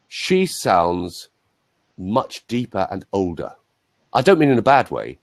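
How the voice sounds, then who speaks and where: A man's voice: on the low side, measured pace, no room sound. A man working as a voice coach, chatting casually and telling rambling anecdotes full of asides. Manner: animated storyteller, rambling asides.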